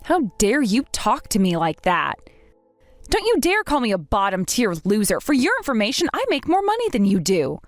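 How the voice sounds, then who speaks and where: A woman's voice: a little high, sing-song, moderate pace, no room sound, soft background music. A young woman narrating and acting the lead in a dramatized story, speaking in a firm, indignant way.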